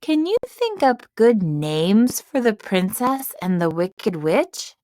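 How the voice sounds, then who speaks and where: A woman narrator guides children through writing a fairy tale, speaking very slowly and clearly. Her pitch moves in a lively way, as in storybook reading. The voice-over is dry and close-miked. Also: dry recording. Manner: slow, clear, storybook delivery. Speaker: teacher narrator.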